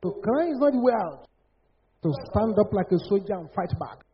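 A man preaching a sermon in a declamatory way, rising into shouted prophetic chants. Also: high voice, very animated, moderate pace, slight background noise. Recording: dull lo-fi sound.

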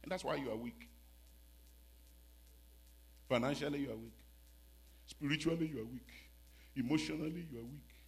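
A man with a West African accent preaching a sermon in a church, dramatic and mocking, dropping to a hush and then shouting. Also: mid-range voice, moderate pace, long pauses, slightly rough.

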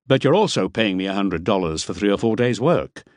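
Brief: male narrator doing a nervous hired guide, deferential but indignant, lowish and lively. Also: brisk, dry recording, clean studio sound, close to an everyday voice. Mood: respectful indignation. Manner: respectful, indignant, a bit defensive.

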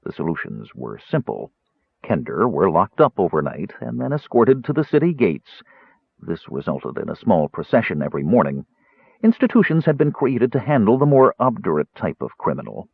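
A man narrating a fantasy audiobook in a measured storytelling manner. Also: very animated, gravelly, slightly rough, no echo. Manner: measured storytelling, dropping low on asides. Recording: narrow tinny phone-like audio.

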